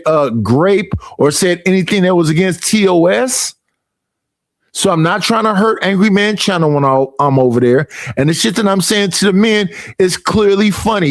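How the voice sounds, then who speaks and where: Streamer, man in his 50s, gravelly and high, heated profane monologue, dry close mic. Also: dry recording. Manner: profane, emphatic and repetitive, mimicking others.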